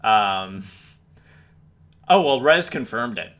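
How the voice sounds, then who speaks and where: A man co-hosting a live-stream podcast, chatting casually and reading viewer comments, relaxed and quick to laugh. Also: on the low side. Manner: relaxed, laughs often, trailing restarts.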